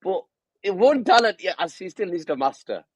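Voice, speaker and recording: A man's voice: sits high, very animated, brisk, husky, no echo, rough recording. A man on a football fan panel, teasing and interrupting the others in casual banter. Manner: teasing, interrupting, repeats words. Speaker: panel member on a fan show.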